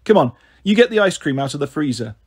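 A caring, bossy big-sister girl, voiced by a man in a read-aloud storybook. She talks in a brisk, mothering way, pitched higher than the narration. The tone stays husky and sing-song. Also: sing-song. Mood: coaxing.

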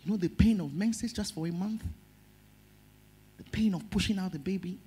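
A middle-aged woman with a Nigerian accent preaching a sermon as pastor, emotional, swinging between loud stress and soft words. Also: medium pitch, normal speed, slightly rough.

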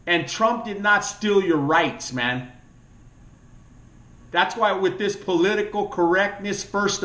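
Fired-up preachy man in an echoey room. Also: fairly bright tone. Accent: Latino American English. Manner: emotional, preachy, repeats "man", voice jumps up and drops low. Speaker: vlogger. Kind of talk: impassioned political rant.

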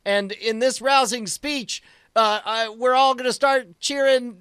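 A man playing a tabletop game, stammering and excitable, bursting into shouts. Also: very high-pitched, unhurried, smooth, no echo. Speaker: player.

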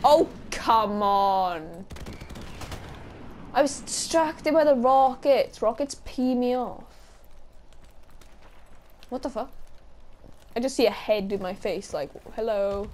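A woman's voice: a little high, measured pace, pauses often, a little mellow, slight background noise. A young woman giving casual, sweary commentary while playing a shooter game, laughing often and shrieking now and then. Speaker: gaming YouTuber.

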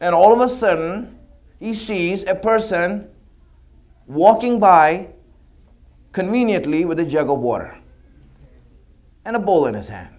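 Man, sermon, storytelling, repetitive, conversational, high voice. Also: expressive, a little slow, pauses often, a little mellow. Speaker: religious speaker.

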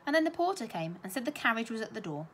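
A woman teacher reading a children's novel aloud with expressive storytelling. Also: a little high, fast talker, a little hiss or hum.

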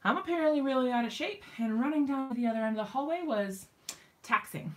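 A talkative woman in her thirties hosts a casual craft live stream from a room in her home. Her voice sits a little high, and she laughs often, apologizes, and fills her sentences with ums. She is sometimes winded, and her voice comes and goes as she moves nearer to or farther from the mic. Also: expressive, fast talker. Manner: chatty, apologetic, laughs often, many fillers. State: out of breath.

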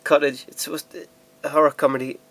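Sorting through DVDs at home, a young vlogger chats loosely and self-deprecatingly, often laughing and restarting what he says. He talks fast in a flat, somewhat high, slightly bright voice.

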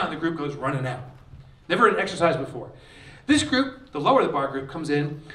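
A man giving an energetic keynote speech at a conference, telling stories and acting out quotes. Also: fairly high pitch, fast. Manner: animated, acts out quotes with shouts and laughs. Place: large conference hall, live audience. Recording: roomy hall sound, voice a bit distant.

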